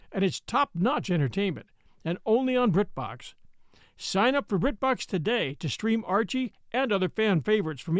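A male host reading a sponsor spot with upbeat enthusiasm. His voice is high and lively in pitch, recorded dry and close. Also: no room sound. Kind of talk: scripted ad read.

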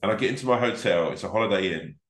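A man's voice: lowish voice, rapid-fire, fairly bright tone, roomy sound. A man, a comedian guest, telling rambling, sweary stories in casual podcast chat. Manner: sweary, rambling anecdotes with restarts.

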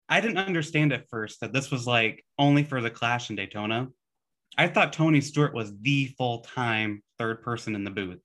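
A man co-hosts a podcast in casual chat, telling stories and acting out his own reactions. His tone is bright and forceful, with wide, lively swings in pitch around a middle register. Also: normal speed. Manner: animated storyteller, acts out his own reactions. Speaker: podcast co-host.

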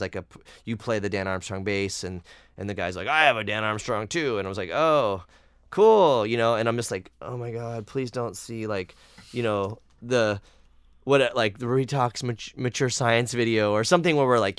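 A middle-aged male podcast co-host with a smooth, low voice. He tells stories in animated casual chat, full of fillers, and the sound is dry and close. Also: dry recording. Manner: animated storyteller, many fillers.

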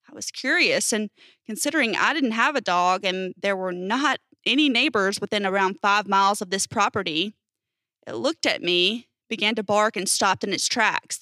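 A woman's voice: mid-range voice, bright, forceful tone, no room sound. A woman reading strange first-person stories aloud in a casual storytelling manner, with emphatic swearing. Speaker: narrator reading posts.

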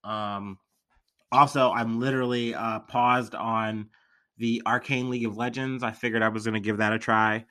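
Chatty young man, bright voice. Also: fairly low pitch, fairly even intonation, moderate pace. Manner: rambling, filler-heavy, chatty. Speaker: podcast host. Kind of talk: casual solo podcast chat.

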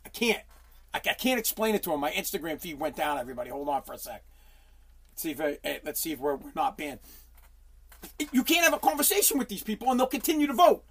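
A middle-aged man ranting on a solo livestream, swearing and restarting his sentences, hoarse and losing his voice. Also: fairly high pitch, sing-song, fast talker. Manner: profane heated ranting, stumbling restarts.

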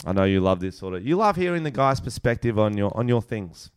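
A man's voice: lowish voice, big pitch swings, fairly quick, smooth. A man, co-hosting a podcast, joking crudely and reading out news stories. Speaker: podcast co-host. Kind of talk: casual chat.

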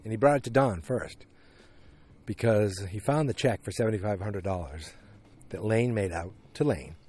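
Low-voiced man rambling through a recap. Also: moderate pace, a little mellow, slightly rough. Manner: rambling, with many fillers and restarts. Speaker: show recapper. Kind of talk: casual episode recap. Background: dogs barking.

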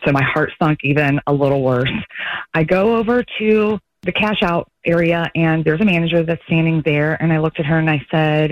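A woman caller telling an emotional story on a morning radio show, animated and earnest. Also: low voice, normal speed, no echo, dull audio. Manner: earnest, animated, voices others in quotes.

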